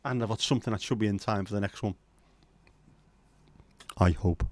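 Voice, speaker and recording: A man from northern England rambles through a casual livestream, full of sweary banter and jokes. His voice sits on the low side. The sound is dry, with no room echo. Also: normal speed, a little mellow. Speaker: livestream host.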